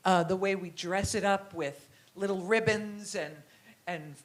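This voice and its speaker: A woman's voice: mid-range voice, unhurried. Reflective American woman curator. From United States. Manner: reflective, thinks aloud with fillers and restarts. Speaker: curator and writer, guest. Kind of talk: conversational interview talk.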